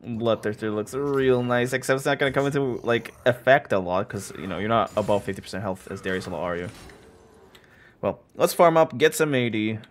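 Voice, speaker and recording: A man's voice: lowish voice, lively intonation, fairly quick. A young man chatting casually over his gameplay, joking and rambling as he plays. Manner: joking, rambling, self-mocking. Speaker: gaming streamer.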